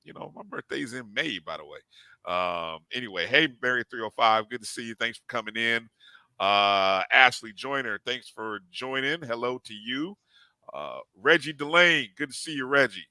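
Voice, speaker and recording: A man hosting a streamed sports talk show, his bright voice moving lively up and down as he greets viewers by name. The sound is dry and close to the mic. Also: mid-range voice, normal speed, no echo. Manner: animated, repeats greetings to each viewer by name.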